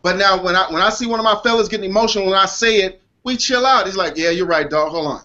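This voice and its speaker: A man's voice: high voice, fast talker, pushed and bright, muffled recording. A man in a heated casual debate on a video call, insistent and defensive, repeating his point. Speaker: panelist in an online discussion.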